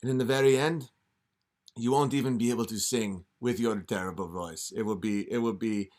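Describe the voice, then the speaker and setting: A man voicing a scheming male devil who offers deals, speaking slow, low and menacing. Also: darkish tone, lightly acted. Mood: sinister.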